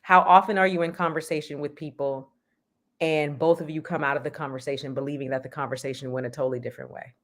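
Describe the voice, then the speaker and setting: A woman's voice: low voice, steady tone, quick pace. A woman from Texas, a script consultant, explaining her craft in an interview with frequent rhetorical questions and laughter. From Houston, Texas. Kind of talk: interview conversation.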